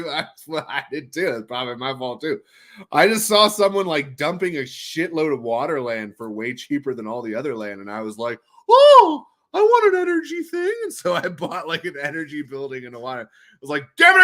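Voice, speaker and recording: Excitable man rambling on a livestream. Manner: rambling, laughs often, swears, jumps to loud high bursts. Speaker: livestream host. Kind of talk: casual livestream chat.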